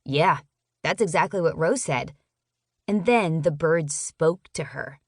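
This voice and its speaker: A woman doing a teasing big brother, low voice. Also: slow, husky, no echo, clean studio sound, heavily acted. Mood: amused. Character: teasing, stern older brother, young man.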